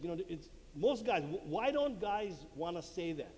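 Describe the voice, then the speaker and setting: Speaking at normal speed, a man with a slightly high, somewhat mellow voice and big pitch swings addresses a marriage conference in a church hall. He acts out little quotes and laughs at his own jokes in a lively talk to a live audience, using a handheld mic amid long hall reverb and faint room noise.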